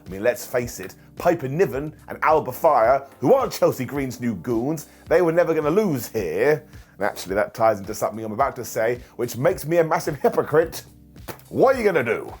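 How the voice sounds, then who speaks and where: A young man reviewing a wrestling show on his own, joking and animated. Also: medium pitch, fairly quick, husky, soft background music. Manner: animated, jokey, puts on silly voices for quotes. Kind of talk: solo review monologue.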